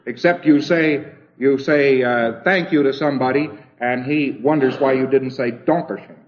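A man's voice: medium pitch, fairly even intonation, moderate pace. A man giving an informal lecture in a wry, conversational way, often repeating phrases as he thinks aloud. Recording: dull lo-fi recording.

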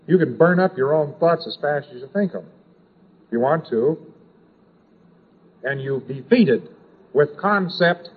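A man's voice: mid-range voice, slightly rough. A man giving an informal lecture, rambling and repetitive, dropping in sound effects and asides. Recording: tinny old lecture tape.

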